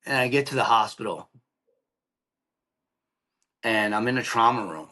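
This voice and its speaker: A man in his thirties, a podcast guest, telling a painful personal story in a halting, emotional way with many restarts. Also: medium pitch, lively intonation, sharp tone, low-quality recording.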